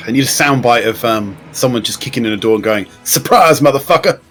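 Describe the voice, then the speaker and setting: A man running a tabletop game as game master, explaining options in a lively, jokey way. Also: fairly low pitch, fast, soft background music.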